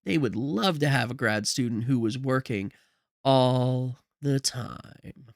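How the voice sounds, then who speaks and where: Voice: mid-range voice, slow pace, no room sound. A game streamer chats casually over gameplay and drops joking asides to viewers. The sound is dry and close to the mic. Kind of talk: casual let's-play commentary.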